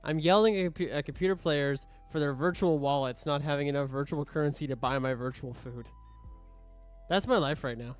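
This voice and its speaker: A man's voice: mid-range voice, fairly quick. A young man casually commenting while streaming a game, joking and mock-scolding the customers, with faint music behind him.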